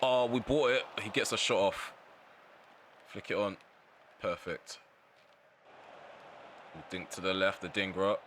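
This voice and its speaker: A man's voice: fairly low pitch, a little slow, pauses often, a bit bright, a little hiss or hum. A man giving live commentary over his own football video game match, often exasperated and ranting about how it is going. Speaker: gaming channel host.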